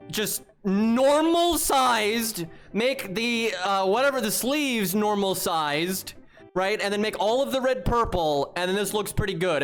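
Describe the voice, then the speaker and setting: A man with a notably high voice streams live and talks straight to his chat. His commentary is blunt, exasperated and peppered with swearing. Faint music plays behind him. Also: a bit bright. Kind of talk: casual livestream commentary.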